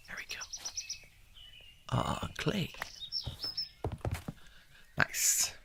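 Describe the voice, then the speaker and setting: Gravelly-voiced man thinking aloud. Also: medium pitch, very animated, a little slow, pauses often, pushed and bright, a little hiss or hum. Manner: chatty, thinks aloud to himself while sorting. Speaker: gaming video host. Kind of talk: casual gameplay commentary.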